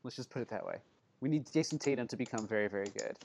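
A man's voice: medium pitch, rapid-fire, creaky, a little mellow, slight background noise. A man hosting a casual podcast, talking in a dry, wry way. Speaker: podcast host.

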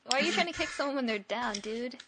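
A woman's voice: on the high side, expressive, fast talker. Teasing woman, noisy recording. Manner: teasing, jokey quips. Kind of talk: casual chat.

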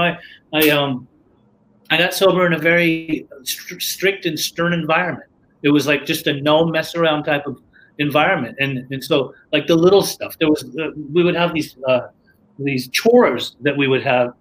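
Guy rambling thru his sobriety story, kinda higher voice, lots of ums and restarts. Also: a bit bright, slight background noise, low-quality recording. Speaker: guest sharing his recovery story. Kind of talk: casual storytelling.

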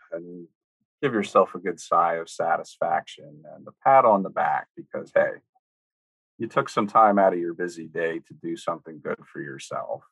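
Low gravelly guy, really slow calm qigong instructions, dry close sound. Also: no room sound, poor audio. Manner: slow, calm guiding with a folksy tone. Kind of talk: guided self-massage instruction.

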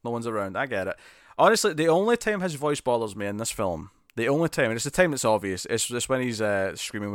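Casual male podcaster, animated and rambling, middle pitch, dry mic. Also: quick pace, no echo. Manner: animated, rambling with many restarts. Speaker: podcast co-host. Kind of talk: casual film discussion.

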